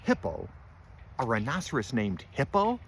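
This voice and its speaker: A man's voice: medium pitch, huge pitch swings, slow pace, gravelly, slight background noise, exaggerated voice. An older man voicing a small, shy, polite male porcupine in a children's storybook, in a lifted, lighter voice. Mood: amused.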